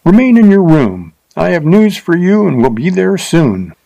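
A man voicing a bold young Texan horseman who talks in a mocking, brisk way. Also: mid-range voice, expressive, darkish tone, muffled recording. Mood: cheerful.

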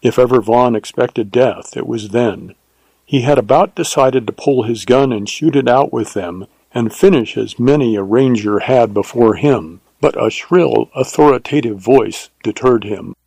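A man narrating a western audiobook in a measured, steady reading. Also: medium pitch, vocal fry, slightly rough, dry recording, poor audio.

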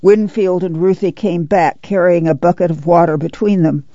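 A man reading a novel aloud in slow, gravelly scripted narration. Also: high-pitched, fairly even intonation, dark tone, no echo. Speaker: audiobook narrator. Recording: dull lo-fi recording.

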